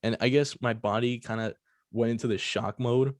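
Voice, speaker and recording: A man's voice: medium pitch, fairly even intonation, normal speed, no echo, clean studio sound. A young man hosting a podcast, telling a personal story in casual, profane chat full of fillers. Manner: loose and profane, many fillers. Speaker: podcast host.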